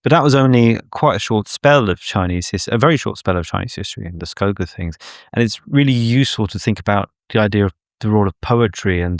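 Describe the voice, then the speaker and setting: A man's voice: fairly low pitch, no echo, studio quality. A man hosting a podcast interview, thoughtful and casual, often saying "like". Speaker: podcast host.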